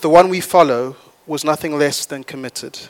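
Delivering a sermon, this pastor is animated and his voice runs a little high. Loud bursts of storytelling give way to quiet, slow-paced points.

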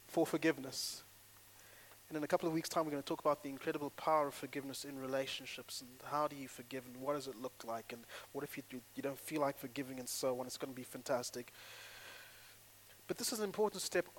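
A male pastor preaching a sermon in an animated way, acting out little dialogues and swinging between loud and hushed delivery. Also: medium pitch, a little fast, slight background noise.

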